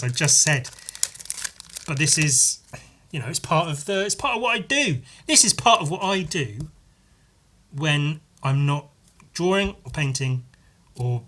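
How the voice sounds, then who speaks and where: A man with a slightly high voice and sharp tone hosts a podcast, giving a loose, sweary behind-the-scenes monologue while counting cards and envelopes aloud.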